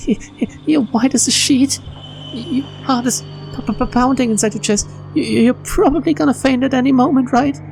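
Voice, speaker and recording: A woman's voice: high-pitched, brisk, vocal fry, a little mellow, soft background music, voice pushed up. A woman voicing a bratty teenage girl assistant who stutters constantly and mocks people. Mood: teasing. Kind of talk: reading game dialogue aloud.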